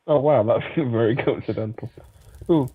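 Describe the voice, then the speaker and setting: A man's voice: medium pitch, moderate pace, husky. A man chatting casually while playing a game with a friend, hesitant and chuckling often. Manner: relaxed, hesitant, chuckles a lot. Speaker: gamer. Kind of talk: casual let's play chat. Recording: tinny phone-like line.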